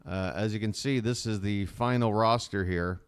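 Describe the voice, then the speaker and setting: Hosting a fan livestream, this man talks to viewers while he watches, offering casual play-by-play in a rambling, chatty way full of fillers. His fairly low voice is smooth, with a steady tone and moderate pace.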